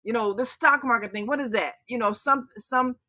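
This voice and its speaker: A woman hosts a live-stream chat, talking at length in a chatty, reflective way. Her voice is bright and forward. The sound is dry and close, with no room around her. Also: fairly high pitch, normal speed, no room sound. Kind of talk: casual live-stream conversation.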